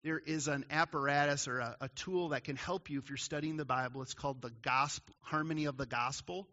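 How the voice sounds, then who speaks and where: Bright-voiced preacher man, casual and questioning. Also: a little high, steady tone, brisk, muffled recording. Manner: conversational, asks the audience questions. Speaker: pastor. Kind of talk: sermon.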